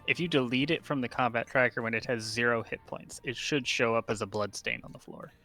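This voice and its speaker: A man's voice: medium pitch, fairly even intonation, brisk, bright, forceful tone, soft background music. A man on a voice call, patiently walking a friend through a game tool, with lots of "like" and "uh" fillers. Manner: explaining patiently, with many fillers. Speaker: player helping with game software. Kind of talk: casual explanation.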